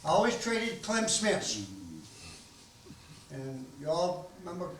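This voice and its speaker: A man's voice: sits high, animated, a little slow, a bit bright, recorded from a distance, a little hiss or hum. Older Maine man telling stories in an echoey room. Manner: rambling, folksy, full of ums and restarts. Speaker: host of a storytelling gathering. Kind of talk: casual storytelling to an audience. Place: library meeting room.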